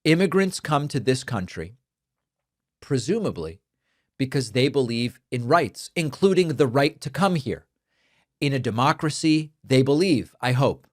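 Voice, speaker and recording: A man whose first language is Spanish delivers an emphatic, argumentative political commentary monologue as host. His pitch sits in an ordinary middle range for a man, and the close, dry recording has almost no room sound around it. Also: animated, unhurried, no room sound.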